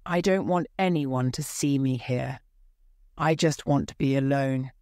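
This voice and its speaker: A woman reading a storybook, voicing a proud, jealous young nobleman who shouts and accuses. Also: a bass voice, measured pace, no echo, clean studio sound. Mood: commanding.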